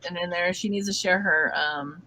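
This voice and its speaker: A woman's voice: on the low side, normal speed, sharp tone, low-quality recording. A woman co-hosting a live stream, friendly, reading out and encouraging viewer comments. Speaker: co-host. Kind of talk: casual chat.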